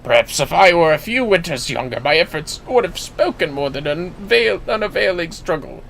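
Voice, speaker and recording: A man's voice: fairly high pitch, lively intonation, brisk, gravelly, fairly bright tone, a little hiss or hum. A man reading the lines of an aging male warrior guild master in formal, old-fashioned speech. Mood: rueful.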